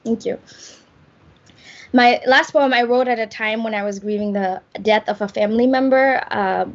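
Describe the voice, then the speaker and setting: A woman poet giving a slow, measured poetry reading over a video call. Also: medium pitch, darkish tone. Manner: slow, measured delivery with drawn-out lines. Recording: muffled video call audio.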